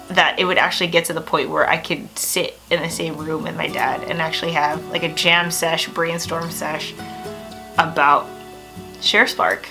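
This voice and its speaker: A young woman talking straight to camera in a casual vlog, gushing and excitable, with lots of "like" and "oh my gosh.". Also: fairly low pitch, low-quality recording. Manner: excitable, gushing, many filler words. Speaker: vlogger.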